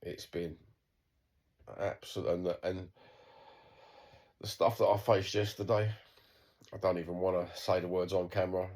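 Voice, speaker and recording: A man's voice: low-pitched, flat delivery, a little slow, long pauses, darkish tone. A middle-aged Cockney man from East London talking bluntly in an unscripted video diary, swearing and rambling with restarts. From East London, England. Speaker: vlogger.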